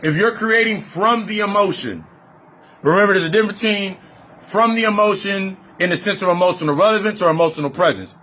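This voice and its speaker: A man's voice: sits high, a little fast, bright, forceful tone, slight background noise. A man giving a casual, profane spiritual talk in loose run-on sentences, repeating phrases for emphasis. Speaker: spiritual reader and life coach. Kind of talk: freewheeling spiritual monologue.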